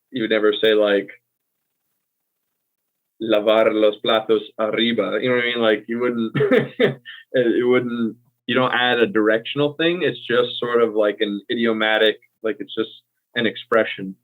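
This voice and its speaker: A man's voice: mid-range voice, fairly even intonation, moderate pace. An American man co-hosting a casual language chat, explaining things in a laid-back way with lots of fillers and easy laughs. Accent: General American. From United States. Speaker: co-host. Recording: tinny phone-like line.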